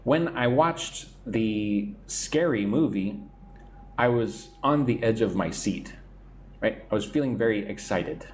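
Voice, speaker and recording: A man's voice: on the low side, lively intonation, takes it slowly, a little hiss or hum. A man teaching English idioms on a live stream, reading out viewer comments and checking in with "right?" as he explains.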